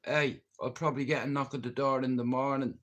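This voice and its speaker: A man's voice: mid-range voice, level tone, a little fast, a bit bright. A middle-aged Irish man rambling bluntly in a casual live-stream chat, swearing freely and speaking openly about his feelings. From Ireland. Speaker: livestreamer.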